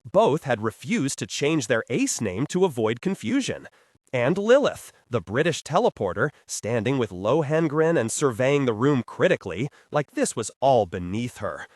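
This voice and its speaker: Male audiobook narrator, lively pitch, dry close-mic sound. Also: moderate pace, no room sound. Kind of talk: scripted narration.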